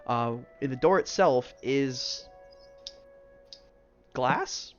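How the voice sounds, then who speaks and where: A man's voice: medium pitch, lively intonation, extremely slow. A man narrating a tabletop game as game master, rambling and full of "like" and "um". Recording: dull lo-fi stream audio with faint music.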